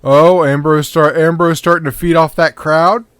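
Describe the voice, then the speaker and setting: A man's voice: a little high, steady tone, moderate pace, a bit bright, smooth, no room sound, studio quality. A sleepy man hosting a podcast, giving casual, rambling commentary on a match and swearing now and then. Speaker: podcast host.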